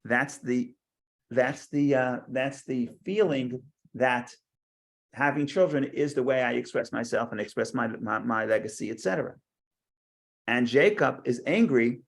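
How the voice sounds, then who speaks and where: A man's voice: medium pitch, measured pace, vocal fry. A man teaching a Torah class, lecturing with frequent restarts, repeated words and rhetorical questions.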